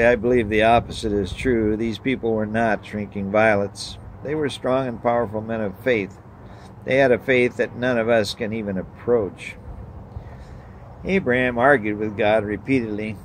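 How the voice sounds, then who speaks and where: A man's voice: medium pitch, slight background noise. A male pastor giving a sermon and reading a story, earnest and emphatic.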